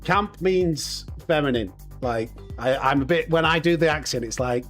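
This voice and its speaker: A man's voice: fairly high pitch, moderate pace, fairly bright tone, soft background music. A man in his thirties hosting a live gaming stream, cheeky and jokey, laughing often and chatting with viewers. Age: 30s. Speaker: streamer host. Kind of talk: casual live-stream chat while gaming.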